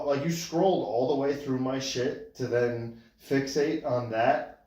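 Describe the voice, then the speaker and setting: A man's voice: medium pitch, steady tone, takes it slowly, dark tone. Laid-back man telling stories, echoey room. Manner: laid-back storytelling, swears freely. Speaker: podcast co-host. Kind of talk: casual podcast chat.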